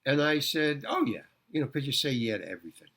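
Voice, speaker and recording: A man's voice: mid-range voice, fast, a crowd in the background. An older man from New York, a guest actor telling stories in a casual interview, rambling with restarts and acting out quotes. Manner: rambling, animated, full of restarts and acted-out quotes.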